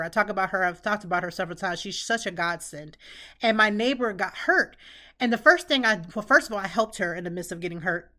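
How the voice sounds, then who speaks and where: A woman's voice: mid-range voice, bright, forceful tone. A middle-aged woman hosting a podcast, giving casual advice in an earnest way and repeating phrases for emphasis. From Pennsylvania, United States. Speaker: podcast host.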